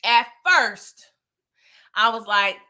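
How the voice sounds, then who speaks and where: A woman's voice: on the high side, animated, extremely slow, pushed and bright. A woman casually recapping TV episodes for her viewers, chatty and slangy, talking straight to the audience. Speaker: TV show recap vlogger.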